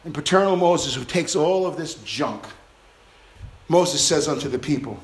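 A man preaching a sermon to a responsive congregation, impassioned and swinging between loud exhortation and hushed intensity. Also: on the high side, lively intonation, moderate pace, slight background noise. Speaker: pastor. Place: church sanctuary with congregation. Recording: roomy church reverb.

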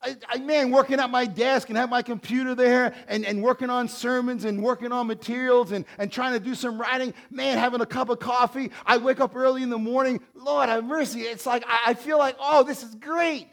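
A man in his sixties, a pastor, preaching with emphatic swells and soft conversational asides. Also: extremely high pitch, level tone, brisk, vocal fry, hardly any pauses. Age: 60s. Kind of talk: sermon.

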